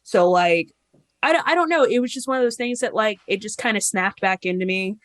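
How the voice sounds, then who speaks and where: A woman's voice: mid-range voice, lively intonation, fairly quick, fairly bright tone, dry recording. A woman in her thirties, a podcast guest telling her story in a candid, rambling way and acting out the voices she quotes. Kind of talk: casual interview storytelling.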